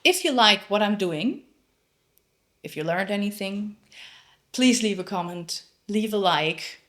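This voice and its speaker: A woman's voice: medium pitch, lively intonation, unhurried, a bit bright. A woman teaching a singing lesson, explaining technique and breaking into sung demonstrations. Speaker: vocal coach.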